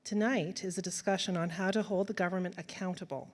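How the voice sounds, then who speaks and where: A woman moderator introducing speakers and the event at a university panel in a measured, formal way. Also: lowish voice, steady tone, darkish tone. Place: university lecture hall.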